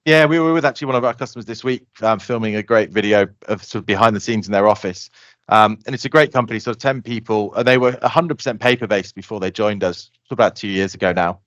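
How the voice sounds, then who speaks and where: A man, a guest on a podcast, explaining his software eagerly and acting out customers' lines. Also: on the low side, no room sound, highs cut off. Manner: fast, animated explaining, acts out customer quotes. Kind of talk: casual podcast interview.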